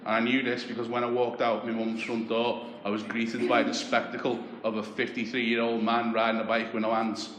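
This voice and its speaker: A young man from Liverpool with a Liverpool accent, doing a deadpan, sweary stand-up comedy set. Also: medium pitch, fairly quick, hardly any pauses. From Liverpool, England. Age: young adult. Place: comedy club stage. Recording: echoey club with crowd noise. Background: audience laughter.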